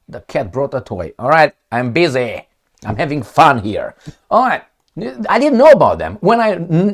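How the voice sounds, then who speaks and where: Animated Romanian man with swinging pitch. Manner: animated, sarcastic, digressive. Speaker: political commentator. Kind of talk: casual commentary vlog. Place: at home with his cat.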